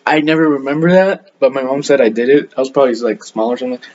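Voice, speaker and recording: A man's voice: medium pitch, quick pace, a little mellow, muffled recording. A young man rambling through casual stories, full of fillers and self-corrections, laughing at himself. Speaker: podcast storyteller.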